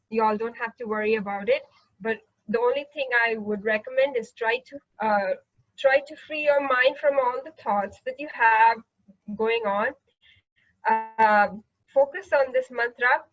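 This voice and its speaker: Woman meditation leader, bright and fairly high, eager, muffled call audio. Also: moderate pace. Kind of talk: guiding a mantra meditation class. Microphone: video call.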